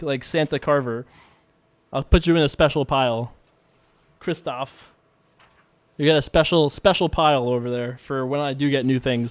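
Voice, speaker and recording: A young man in casual commentary, talking through his poker hands and thinking out loud with playful asides. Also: a little high, smooth, dry recording. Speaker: poker streamer and show host. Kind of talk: casual commentary while playing online poker.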